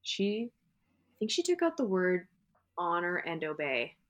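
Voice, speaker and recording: A woman co-hosting a casual chat about weddings, chatty and animated, telling stories with laughter. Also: lowish voice, unhurried, highs cut off. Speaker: wedding podcast co-host.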